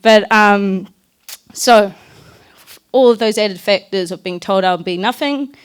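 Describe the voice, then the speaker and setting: A woman's voice: mid-range voice, slow, smooth. A young woman, telling her personal story at a community talk in a candid, earnest, loosely chatty way. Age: young adult.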